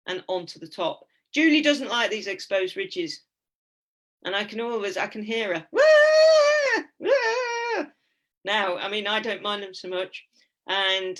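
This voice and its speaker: A woman in her fifties giving a lively, blunt and humorous talk with slides about a climbing trip. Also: fairly low pitch. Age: 50s.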